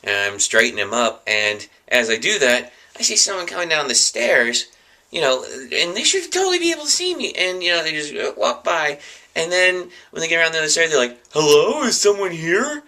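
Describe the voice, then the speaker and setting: Rambling man with a sharp bright tone. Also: fairly high pitch, big pitch swings, fairly quick. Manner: rambling, filler-heavy, chuckling. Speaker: vlogger. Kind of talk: casual storytelling.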